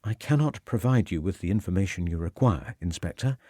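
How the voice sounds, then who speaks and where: Guy doing a stiff cagey shop clerk, formal, bit higher voice, lively pitch. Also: fairly quick, no echo, studio quality. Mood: guarded. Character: stiff, cautious male shop assistant.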